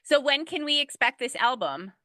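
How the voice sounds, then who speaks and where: A woman's voice: high voice, lively intonation, moderate pace, sharp tone, dry recording, studio quality. A woman hosting a podcast, chatting casually with a blunt, playful, swearing manner. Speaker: podcast host. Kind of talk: casual interview chat.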